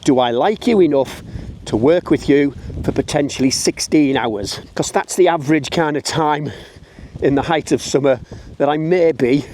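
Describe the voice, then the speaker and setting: A man's voice: fairly high pitch, moderate pace, a little mellow, slight background noise. A middle-aged man with a British English accent talking bluntly and chattily to camera while walking uphill outdoors, a little out of breath. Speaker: wedding photographer. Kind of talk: casual walking vlog to camera.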